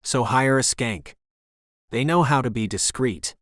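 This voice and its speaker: A man's voice: mid-range voice, measured pace, fairly bright tone, no echo, clean studio sound, natural voice. A man reading a curt, paranoid hacker. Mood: curt, suspicious. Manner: curt and accusing. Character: suspicious paranoid male hacker partner, cold. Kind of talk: audiobook character voice.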